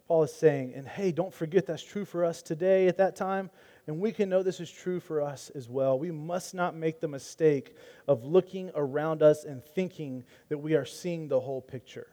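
A man's voice: a little high, moderate pace, mellow. A man preaching a sermon in an earnest, conversational way, often restarting his sentences. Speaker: pastor.

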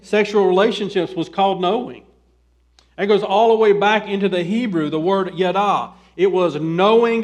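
High-voiced male pastor preaching. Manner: swings from quiet asides to loud emphatic pleading; reads scripture aloud and questions the listeners. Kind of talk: expository sermon.

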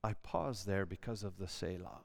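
A man preaching a sermon, dramatic, moving between loud emphasis and hushed asides. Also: deep voice, normal speed, vocal fry. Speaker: pastor.

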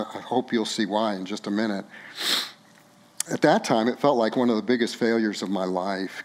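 A man preaching a sermon, impassioned and emotional, pleading with rhetorical questions and dropping low on personal moments. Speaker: pastor.

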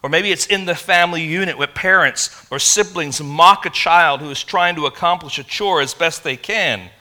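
A man from England, preaching a sermon in an animated, conversational storytelling way. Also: fairly high pitch, normal speed. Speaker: pastor.

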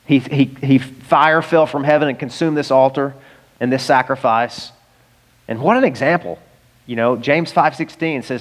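A man preaching in a church hall, his voice trailing off into a long reverb. He retells scripture with animated, humorous storytelling and acts out the people in the story. His pitch sits mid-range for a man. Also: normal speed. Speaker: pastor. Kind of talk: sermon.

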